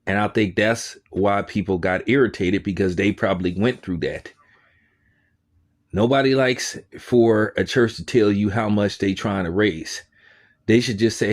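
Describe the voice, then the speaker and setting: A man from Oakland, California, talking casually about his church experiences in an animated storytelling way, with quoted asides. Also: lowish voice, measured pace. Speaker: commentary show host. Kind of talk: casual spoken commentary.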